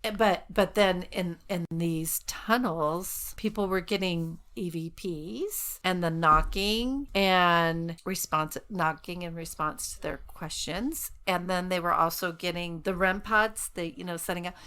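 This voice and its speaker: A young adult woman co-hosting a casual podcast chat, talking excitedly, often losing her words and restarting. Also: on the low side, a little slow, hardly any pauses, smooth. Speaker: podcast co-host.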